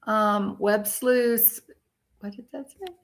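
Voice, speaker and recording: A woman's voice: on the high side, slow. An older woman hosting a casual true crime commentary livestream, ranting and reacting to viewer comments as they come in.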